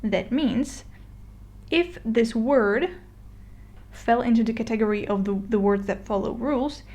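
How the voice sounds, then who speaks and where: A woman's voice: a little high, darkish tone. Patient woman teaching a lesson. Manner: patient, explains step by step with fillers and recaps. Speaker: Spanish teacher. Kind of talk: explainer video lesson.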